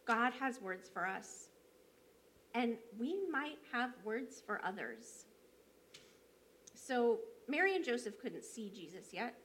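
A woman's voice: a little high, very animated, slow pace, long pauses, fairly bright tone, slight background noise. A woman church elder, preaching a sermon by telling a personal story in a conversational way, with frequent fillers.

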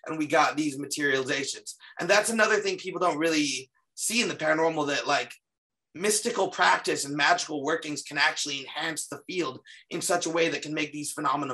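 An earnest man walks listeners through his paranormal case footage on a podcast. His voice sits a touch high and sounds bright, and it carries a faint wear, as if he has been talking all week. He often stops and restarts mid-sentence. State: slightly losing his voice. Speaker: paranormal investigator guest. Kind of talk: casual podcast presentation.

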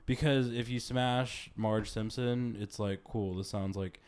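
A man's voice: on the low side, steady tone, a little slow, a little mellow, slight background noise. A young man co-hosting a comedy podcast, blunt and crude in banter. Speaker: podcast co-host.

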